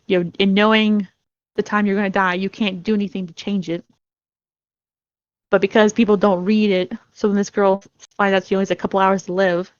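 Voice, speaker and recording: A woman's voice: mid-range voice, no room sound. Woman guest on a podcast, laughy, rambly, acts out her reactions, muffled dry audio. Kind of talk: casual chat.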